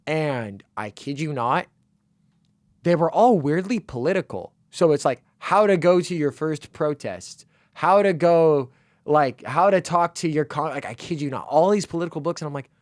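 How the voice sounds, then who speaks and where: A young man co-hosting a college radio show, chatting casually and telling rambling, animated stories. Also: a little high, moderate pace, no echo, studio quality. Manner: excitable, rambling, animated storytelling. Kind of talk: casual chat. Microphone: studio microphone.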